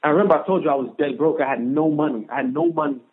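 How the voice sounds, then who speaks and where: A former pro football player in his thirties, appearing as a podcast guest, tells a personal story in an animated way during the interview, acting out the voices of the people involved. He talks very fast with a fairly high pitch and vocal fry, and the recording has a narrow, phone-like sound.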